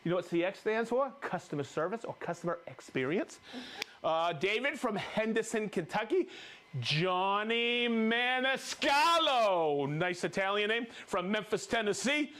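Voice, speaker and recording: A high-voiced man hosts a live stream, calling out viewers one after another with jokes and whoops. His pitch swings widely and lively, and his delivery stays upbeat and playful. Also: normal speed. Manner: upbeat, jokey, reads viewer names with whoops. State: recovering from a cold. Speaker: livestream host.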